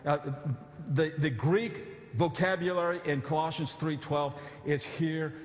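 A man's voice: fairly high pitch, fairly even intonation, a little slow. A man pastor preaching a sermon, earnest, with emphatic pleading appeals and casual asides. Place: church sanctuary. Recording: echoey church hall.

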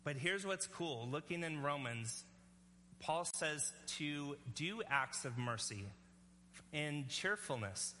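A man's voice: fairly high pitch, expressive, takes it slowly, bright, forceful tone, long reverb tail, a little hiss or hum. A male pastor preaching a sermon in an earnest, conversational way, often checking in with the congregation.

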